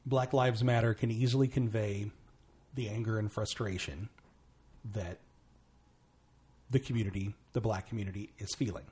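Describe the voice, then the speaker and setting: A man's voice: fairly low pitch, fairly even intonation, normal speed, long pauses, darkish tone, husky. A man hosting a podcast, posing thoughtful questions to his guest. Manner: thoughtful, searching phrasing. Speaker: podcast host. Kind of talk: interview questions.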